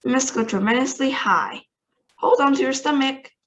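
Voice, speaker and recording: A woman doing Mister Wonka, an excitable chocolatier. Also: sits high, moderate pace, dull audio, pitched above the performer's own voice. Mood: excited. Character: eccentric excitable male chocolatier. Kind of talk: storybook read-aloud.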